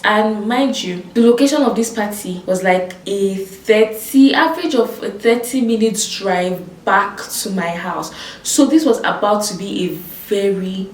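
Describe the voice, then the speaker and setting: A woman's voice: medium pitch, measured pace, echoey room, distant mic, rough recording. A young woman telling a dramatic story to her viewers, acting out what people said. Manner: animated storytelling, acts out quoted voices. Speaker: vlogger. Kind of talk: storytime vlog.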